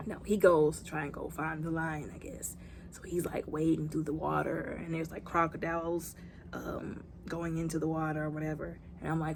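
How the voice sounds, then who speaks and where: A woman's voice: low voice, flat delivery, normal speed, creaky. A woman giving a comedic movie recap, dramatic and sassy, with playful asides. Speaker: movie reviewer.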